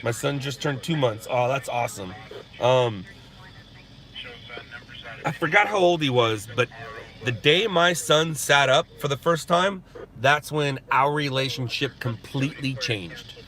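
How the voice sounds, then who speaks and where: A man's voice: mid-range voice, expressive, measured pace, pushed and bright. A man hosting a live stream from a parked spot, casually answering viewer questions and joking around. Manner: laid-back, joking, answering chat questions. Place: parked in a parking lot at sunset.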